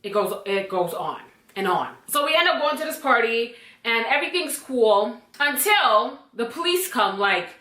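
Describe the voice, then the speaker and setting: A woman telling a personal story to camera in a casual, blunt, animated way, swearing freely. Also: fairly high pitch, moderate pace, hardly any pauses, echoey room. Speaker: storytime vlogger.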